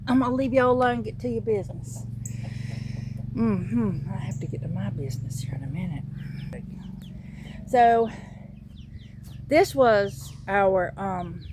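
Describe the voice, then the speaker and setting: In this casual vlog, a woman with a Southern US accent shows off her backyard garden and chickens on a handheld phone, joking and chatting. Her medium-pitched voice carries a little hiss or hum, and she alternates between muttering and loud, animated exclamations.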